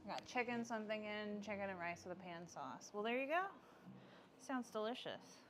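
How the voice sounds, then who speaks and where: A woman's voice: medium pitch, lively intonation, normal speed, background noise. A young adult woman hosting a casual livestream, chatting with viewers and reading their comments aloud. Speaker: livestream host.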